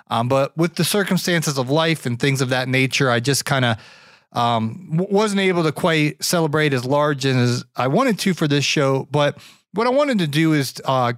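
A man's voice: mid-range voice, no echo, studio quality. A man hosting a podcast, telling a story in a casual, reflective way, full of fillers and restarts. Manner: reflective, grateful. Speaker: podcast host.

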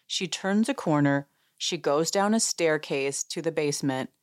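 A podcast host with a low voice recaps a show casually at a measured pace. She tells it like an amused, chatty storyteller, laughing and acting out what other people said.

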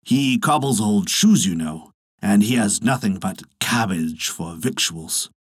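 A man voicing a sly old soldier, speaking slowly and calmly with a husky voice. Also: on the low side, no echo, clean studio sound. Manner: slow, unhurried, sly. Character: sly old soldier trickster, smooth and calm.

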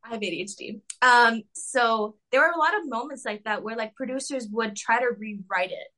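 Bright chatty young woman on a call. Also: normal speed. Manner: chatty, filler-heavy with lots of "like" and "um"; acts out quotes in a high mocking voice. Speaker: interview guest. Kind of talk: casual interview chat.

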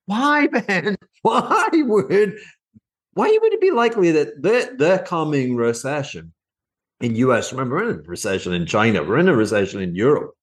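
A middle-aged male market commentator who talks with a mocking, cranky edge. His pitch sits a little high and swings widely as he jabs at what he is hearing, throwing in sarcastic asides. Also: sing-song, moderate pace. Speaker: market commentator and former fund manager.

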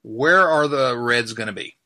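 A man's voice: medium pitch, a little slow, sharp tone. A man hosting a casual sports podcast, joking, laughing at himself and rambling through asides. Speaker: podcast host.

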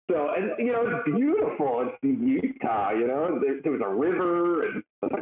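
A man, a former police detective, telling his story in a casual interview, animated, swearing freely and laughing as he goes. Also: fairly high pitch, normal speed, few pauses. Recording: tinny phone-like sound, roomy echo.

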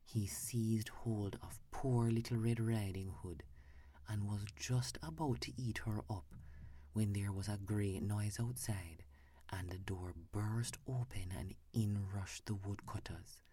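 A woman narrator reading a bedtime fairy tale in a soft, hushed whisper. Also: very deep voice, steady tone, takes it slowly, slightly rough, no echo.

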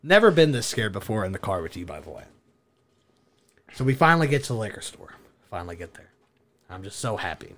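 A man's voice: on the low side, a little fast, pauses often, a little hiss or hum. Young guy telling a crazy story, voice jumping all over, laughing a lot. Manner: animated, laughing, swearing. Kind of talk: casual storytelling.

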